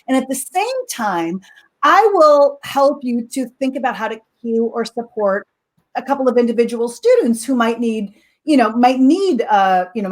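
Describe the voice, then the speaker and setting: Middle-aged woman, high voice, chatty animated storytelling, lots of you-knows. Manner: lively, animated anecdote with fillers and laughs. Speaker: co-teaching expert guest. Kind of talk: casual storytelling in a webinar talk.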